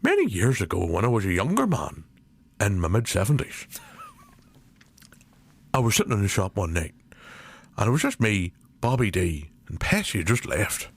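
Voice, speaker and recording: A man's voice: sing-song, moderate pace, long pauses, husky, dry recording, heavily acted. A man with a Northern Irish accent voicing a foul-mouthed elderly male butcher in an improvised comedy sketch. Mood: storytelling. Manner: profane, rambling, high strained delivery.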